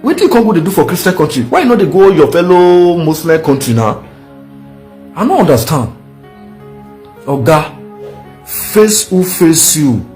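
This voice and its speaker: A man's voice: on the high side, lively intonation, moderate pace, long pauses, a little mellow. Nigerian pidgin man warning the govt over and over, average voice, bit of music behind. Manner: defiant, warning, repetitive. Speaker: protester. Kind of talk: political protest speech.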